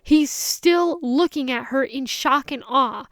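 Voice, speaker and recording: A woman giving a casual, animated film review, ranting and acting out characters' lines as she goes. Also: sits high, takes it slowly, no room sound, studio quality. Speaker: movie reviewer.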